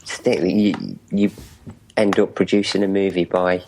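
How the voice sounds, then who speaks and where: A man's voice: deep voice, level tone, normal speed, a little mellow, slight background noise, low-quality recording. A man from England co-hosting a casual podcast, playful and riffing on jokes. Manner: playful, riffs and does silly voices. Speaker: podcast co-host.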